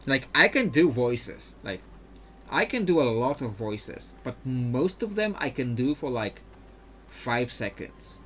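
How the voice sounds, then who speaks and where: A man chatting his way through a live game playthrough, rambling with lots of fillers and quick laughs. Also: mid-range voice, big pitch swings, a bit bright, a little hiss or hum. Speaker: gamer.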